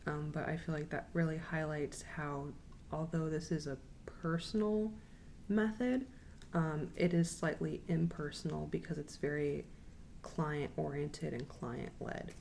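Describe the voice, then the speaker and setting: A young woman records her class presentation, reading quiz questions slowly and repeating each option with plenty of ums. Her voice sits low and has a gravelly fry to it. A faint hum of room noise runs underneath. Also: fairly even intonation, a little mellow. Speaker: counseling student presenting.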